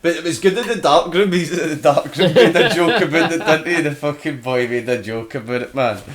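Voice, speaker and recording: A man's voice: a little high, a loud crowd. A man with a Scottish accent hosting a podcast, telling stories in a swearing, laughing way. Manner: swearing, storytelling, quick to laugh. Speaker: podcast host. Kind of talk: casual chat.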